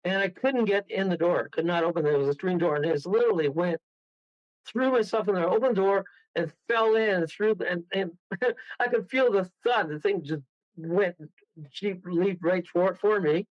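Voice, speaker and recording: High excitable male radio guest, rambling story, dry dull lo-fi audio. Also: moderate pace, no room sound. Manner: excitable, rambling, laughs through his story. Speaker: guest medium and paranormal investigator. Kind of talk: casual storytelling on a radio call.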